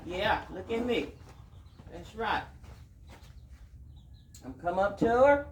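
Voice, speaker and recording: A man, a horse trainer talking casually through his work in a soft, hushing, calming voice, outdoors. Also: sits high, a little slow, long pauses, roomy sound, a little hiss or hum. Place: outdoors at a horse pen with farm birds.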